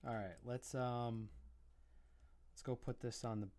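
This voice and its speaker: A man's voice: mid-range voice, level tone, unhurried, darkish tone. A man live-streaming his drawing, rambling casually and chatting fondly to his cat between remarks about the work.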